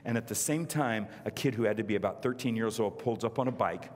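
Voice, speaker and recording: A man's voice: fairly low pitch, fast talker. A man preaching a storytelling sermon, acting out the voices of the people in his story. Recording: reverberant church hall.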